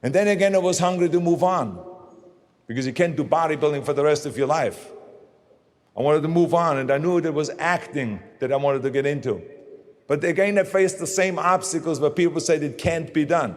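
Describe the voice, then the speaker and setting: Man, German accent, pitched a bit high, motivational speech in a big reverberant hall. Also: brisk. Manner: emphatic, punchy short phrases. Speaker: motivational speaker.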